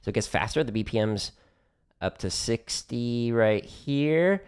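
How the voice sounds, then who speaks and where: A man's voice: mid-range voice, animated, a little slow, clean tone. A man casually explaining drum exercises on his practice livestream, chatty and joking as he goes.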